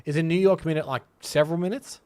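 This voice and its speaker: An Australian man co-hosting a podcast, chatting casually, easygoing and quick to agree. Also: a little high, fairly even intonation, darkish tone. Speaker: podcast co-host. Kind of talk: casual chat.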